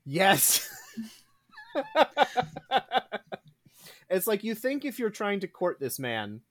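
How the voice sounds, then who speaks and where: A man as a podcast guest, chatting casually, joking and laughing easily. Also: high-pitched. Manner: lively, joking, with quick laughs. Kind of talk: casual chat.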